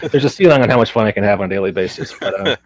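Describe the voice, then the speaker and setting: A man's voice: on the low side, racing. A man in his forties hosting a podcast in casual chat, rambling with lots of fillers and easy laughs. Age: 40s. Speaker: podcast host.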